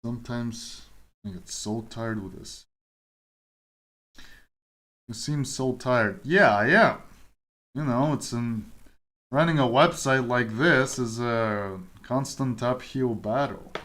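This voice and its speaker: Slow-talking young man chatting while coding. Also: medium pitch, a bit bright. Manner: rambling, self-interrupting, laughs often. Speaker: streamer. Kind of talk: casual chat while coding.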